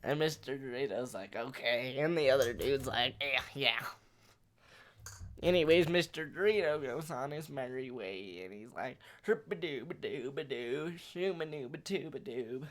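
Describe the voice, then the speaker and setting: A man's voice: medium pitch, lively intonation, moderate pace, hardly any pauses. A man vlogging and telling a rambling, goofy story in a put-on British accent, close to a studio mic with a pop filter. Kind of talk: casual storytelling vlog.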